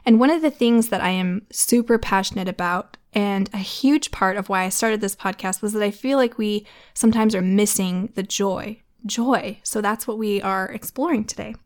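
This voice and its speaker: An earnest woman in her thirties hosts a faith podcast for mothers. She sits at a middle pitch and talks in a heartfelt, conversational way. She laughs easily and speaks with feeling. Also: normal speed, hardly any pauses. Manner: earnest, warm-hearted, laughs often, tears up reading lyrics. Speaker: podcast host.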